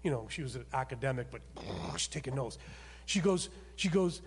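A man preaching a sermon as pastor, telling a story with emphatic rises and sudden soft drops. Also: medium pitch, animated, fairly quick, slightly rough. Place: church sanctuary. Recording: long hall reverb.

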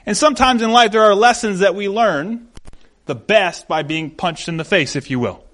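A man's voice: high-pitched, normal speed, fairly bright tone. A man preaching a conversational sermon, acting out the voices of the people he quotes.

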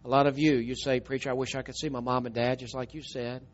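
A middle-aged man preaches a storytelling sermon, swinging between loud, emphatic telling and a soft, tearful hush. He talks fast with a medium pitch and level tone, and the audio is dull.

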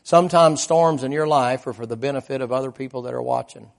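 A man preaching a sermon, telling vivid stories in a folksy way, asking the congregation questions, and swinging from loud emphatic lines to low quiet asides. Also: fast, creaky.

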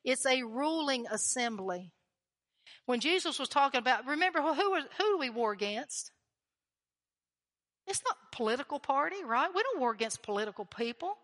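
A woman's voice: sits high, expressive, moderate pace, fairly bright tone, big-room sound. A woman preaching a sermon with fervent emphasis, repeating key lines and asking the listeners questions.

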